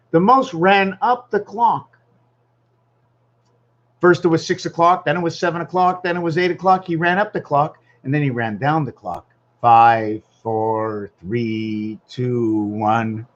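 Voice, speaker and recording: A man's voice: a little high, takes it slowly. Rambling man on a dull lo-fi vlog. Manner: rambling, wandering, thinks aloud with restarts. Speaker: vlogger. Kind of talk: rambling casual vlog monologue. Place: home.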